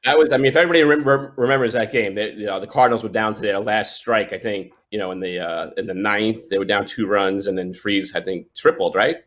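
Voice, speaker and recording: A man's voice: on the low side, fast talker, few pauses, a bit bright. A man in his forties, a sports photojournalist guest, telling stories in casual chat with many restarts and fillers.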